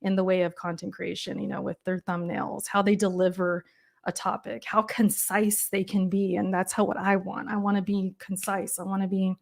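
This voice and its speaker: A woman with a calm, soft-spoken delivery, chatting thoughtfully as a guest in a casual interview over a video call, laughing often. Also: mid-range voice, normal speed, vocal fry. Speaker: guest gamer and YouTuber.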